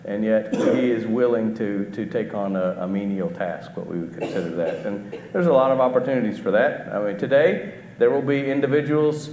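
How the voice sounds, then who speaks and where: A man's voice: on the low side, moderate pace, few pauses, darkish tone. A middle-aged man preaching a conversational sermon, often asking the congregation questions and restarting his sentences. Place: church auditorium. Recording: echoey hall with faint background noise.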